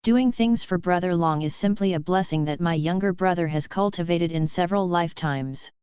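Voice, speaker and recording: A man's voice: sits high, normal speed, a little mellow, clear, resonant tone, dry recording, close to an everyday voice. A woman voicing a nervous, fawning young crook who grovels and swears, in a dull lo-fi audiobook recording. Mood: flustered.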